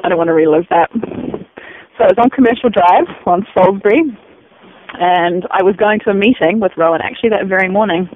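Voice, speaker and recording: An Australian woman, a podcast guest, telling a story in a lively, chatty way. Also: medium pitch, brisk. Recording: dull lo-fi sound.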